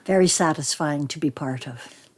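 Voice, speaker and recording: An older woman, an actress and storyteller, chatting in an interview and telling lively anecdotes about her acting. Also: deep voice, normal speed, a little hiss or hum. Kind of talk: casual interview chat.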